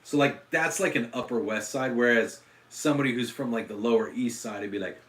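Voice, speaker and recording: A man's voice: medium pitch, a little fast, few pauses, distant mic. A man hosting a casual livestream, rambling and self-deprecating, with lots of fillers and restarts. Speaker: livestream host. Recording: roomy echo.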